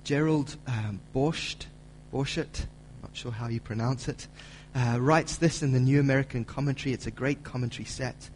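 A man preaching a sermon as pastor, building to loud, emphatic delivery when he reads scripture. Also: medium pitch, moderate pace, slight background noise, poor audio. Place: church auditorium.

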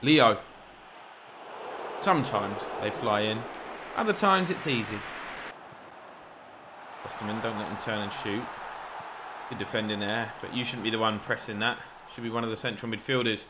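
A young man giving excitable, rambling live commentary over a football video game, shouting encouragement at the players and joking at himself. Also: on the low side, normal speed, pauses often, noisy background. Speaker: gaming YouTuber.

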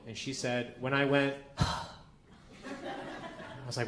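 A male stand-up comedian telling a story in a dry, exasperated way, dropping low and quiet for asides. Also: moderate pace, long pauses, slight background noise. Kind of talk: stand-up routine. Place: comedy club stage. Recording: roomy live club recording.

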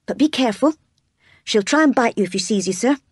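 A woman's voice: a little high, animated, fairly quick, darkish tone, slightly rough, no echo, voice pushed up. A woman reads as a plain-spoken servant woman, matter-of-fact and cautioning. The sound is dry and close. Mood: warning.

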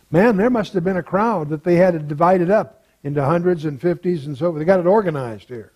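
An older man teaching through a Bible passage verse by verse, reading scripture slowly and breaking off into chuckling asides. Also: fairly high pitch, a little mellow, poor audio.

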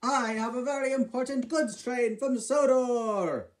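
A man's voice: very high voice, a little slow, voice pushed up. A man voicing a proud, boastful male steam engine in a homemade storybook reading. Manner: excited, boastful.

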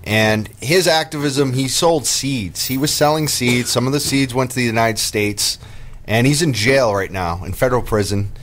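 A man with a Boston accent hosting a casual radio interview, asking halting questions full of fillers. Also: mid-range voice, fairly bright tone, slight background noise. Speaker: radio show host.

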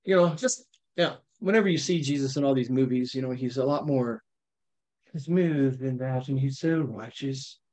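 A man leading a casual Bible study, reading verses aloud and explaining them with lively, animated asides. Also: mid-range voice, normal speed. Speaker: Bible teacher. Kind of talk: conversational Bible study teaching.

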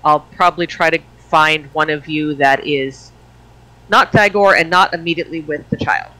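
Bright high-voiced tabletop player man. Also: moderate pace, rough recording. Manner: thinks aloud, tentative. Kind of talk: tabletop game chat.

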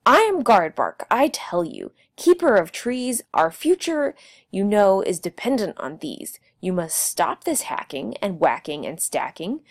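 A woman voicing a loud, scolding green-crested male tree guardian in a storybook reading. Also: mid-range voice, sing-song, a little slow, no echo. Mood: angry.

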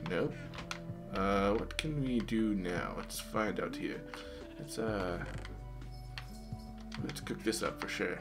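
A man's voice: on the low side, expressive, takes it slowly, creaky, long pauses, soft background music. Playful man narrating a game. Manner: playful, chatty, talks to the animals. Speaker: gamer. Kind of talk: let's play commentary.

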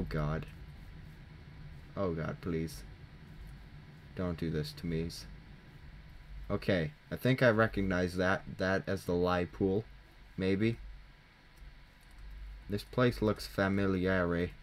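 A teenage gaming channel host casually commentates on his own let's-play into a desk mic, chatty and jokey, thinking aloud and mocking himself. His voice sits low, with slight background noise.

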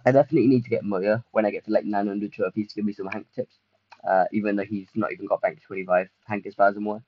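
Racing through his words, a young man with a deep voice gives loose, excitable commentary on a livestreamed game, laughing at himself and dropping fillers everywhere. He swings from groans to small boasts to chatting with viewers. The dry, slightly dull sound suggests a home mic placed close.

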